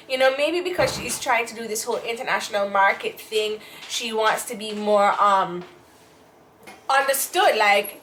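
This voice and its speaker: A Jamaican woman co-hosting a relaxed chat show. Her voice sits a little high and she talks in loose, rambling runs with plenty of fillers. A faint hiss hangs under the recording. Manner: chatty, rambling with fillers and restarts. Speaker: co-host. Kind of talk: casual chat.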